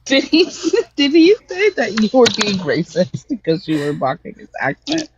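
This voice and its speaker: A woman chats casually, giggling often and cheering on her friend. Her pitch swings widely and brightly from word to word. She sounds supportive and easygoing throughout. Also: huge pitch swings, moderate pace, dull audio, noisy background. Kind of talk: casual chat.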